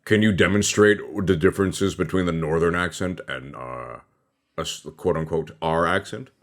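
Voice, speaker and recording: A man running an improvised tabletop role-play as guest game master, playful and deadpan with laughing asides. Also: sits low, normal speed.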